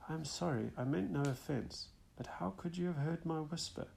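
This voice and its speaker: A man's voice: on the high side, moderate pace, gravelly, darkish tone, a little hiss or hum, pitched above the performer's own voice. A man reading as his polite, curious wife.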